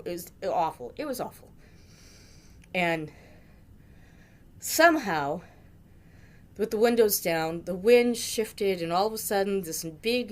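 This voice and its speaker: Bright-voiced woman telling a funny story. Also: lowish voice. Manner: animated, dramatic storyteller, jokey exaggeration. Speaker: friend sharing a memory. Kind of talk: storytelling tribute.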